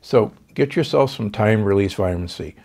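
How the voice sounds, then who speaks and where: A man's voice: lowish voice, lively intonation, a little fast, vocal fry, a little mellow. An older man, a doctor hosting a podcast, giving confident health advice in conversation. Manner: confident, explanatory, with fillers.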